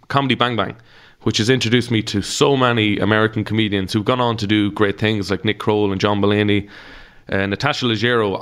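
A man's voice: lowish voice, a bit bright, clear, resonant tone. A man with an Irish accent, a comedian guest chatting casually on a podcast and telling stories with laughs and swearing. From Ireland.

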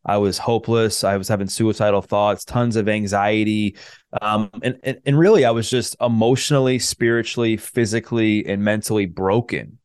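A man's voice: fairly low pitch, fairly even intonation, moderate pace, darkish tone, smooth, dry recording, clean studio sound. A man, a personal trainer, telling his life story as a podcast guest, earnest and full of fillers like "um" and "like". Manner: earnest, many fillers and restarts.

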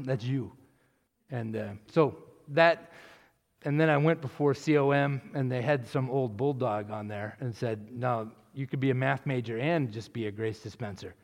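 A middle-aged pastor tells his story with many restarts and stumbles. At times he rises into loud, passionate preaching. His voice carries the long reverb of a church hall. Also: on the high side. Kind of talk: testimony answering a question, church talk.

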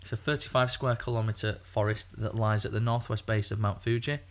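A man's voice: fairly low pitch, steady tone, brisk. A man co-hosting a podcast, talking casually in a rambling way with lots of fillers. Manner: rambling, chatty, many fillers and restarts. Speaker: podcast co-host.

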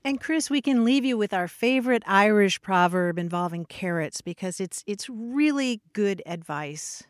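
A woman's voice: mid-range voice, lively intonation, normal speed, no echo, clean studio sound. A woman co-hosting a radio segment, cheerfully explaining word lore in a casual chat. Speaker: radio show co-host.

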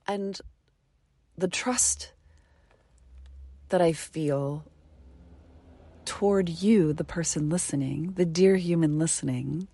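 A middle-aged woman hosts a solo podcast, speaking intimately into a studio microphone in a low, husky, earnest voice. She talks from the heart, slowing to a soft near-whisper at tender moments. The sound is close and dry with no room sound.

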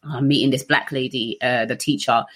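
Low-voiced British woman telling her story. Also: steady tone, normal speed. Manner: conversational, many fillers, acts out others in raised voices. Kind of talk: candid personal storytelling.

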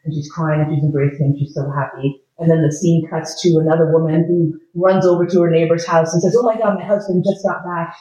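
Frank, slightly high-voiced man lecturing. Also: little pitch movement, brisk, few pauses, warm tone. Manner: frank and funny, with casual swearing. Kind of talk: candid live lecture with personal stories. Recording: echoey, dull lo-fi room recording.

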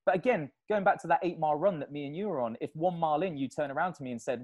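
A man being interviewed on a podcast, telling stories in an animated, casual way and laughing often. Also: on the high side, racing, dull audio. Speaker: podcast guest, endurance athlete.

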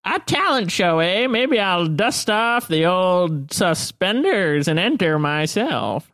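A man's voice: sits high, big pitch swings, fairly bright tone, exaggerated voice. A man voicing a crinkly, smug old reptilian man who teases and draws out his exclamations. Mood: teasing. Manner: coy, teasing, drawn-out exclamations.

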